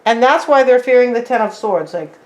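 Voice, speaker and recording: This tarot reader has a fairly high, expressive voice that's a little mellow and a little quick. She chats casually to her viewers, calling them "you guys" and ending lines with "right?" and "like".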